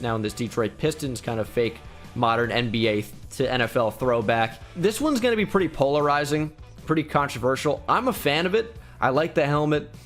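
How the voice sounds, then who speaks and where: A young man giving casual, opinionated commentary on a video, with lots of fillers. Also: medium pitch. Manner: relaxed, opinionated, many fillers. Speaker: gaming YouTuber. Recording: faint music behind.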